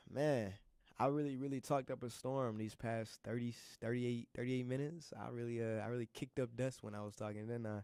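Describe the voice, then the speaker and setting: Smooth-voiced young man hosting college radio. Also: mid-range voice, steady tone, a little fast, darkish tone, no room sound, clean studio sound. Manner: rambling, repeats himself, slangy and heartfelt. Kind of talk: casual solo monologue.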